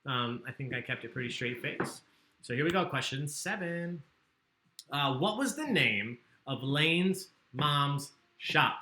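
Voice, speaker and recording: A man's voice: a little high, animated, unhurried, pushed and bright, reverberant, a little hiss or hum. A man hosting a livestreamed trivia game, chatty and joking as he reads out the questions. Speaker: trivia host.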